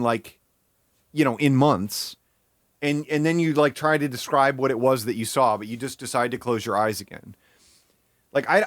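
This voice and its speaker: A man's voice: on the high side, no room sound, clean studio sound. Rambling young man on a live stream. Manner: rambling, with many fillers and restarts. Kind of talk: casual live-stream chat.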